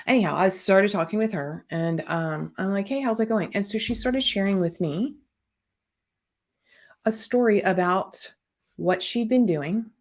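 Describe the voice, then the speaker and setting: In a mid-range, unhurried voice, a middle-aged business coach who hosts a podcast tells a personal story, candid and rambling, with many fillers and restarts along the way.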